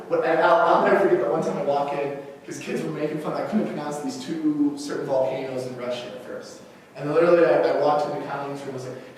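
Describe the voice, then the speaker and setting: A young adult male teacher giving a personal talk to colleagues, telling stories with lively acted-out dialogue and frequent "okay?" check-ins. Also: fairly high pitch, brisk. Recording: echoey hall from far off, faint noise.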